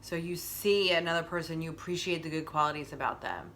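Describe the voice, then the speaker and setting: A woman's voice: sits low, brisk, fairly bright tone, a little hiss or hum. A middle-aged woman hosting a wellness stream in casual chat, rambling and openly emotional as she talks.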